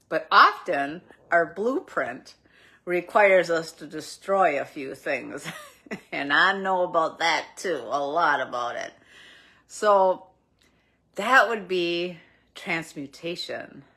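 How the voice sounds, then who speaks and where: A middle-aged woman giving a gentle, reflective spiritual talk with soft laughs now and then. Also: on the low side. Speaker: spiritual teacher. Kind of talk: spiritual talk, live stream.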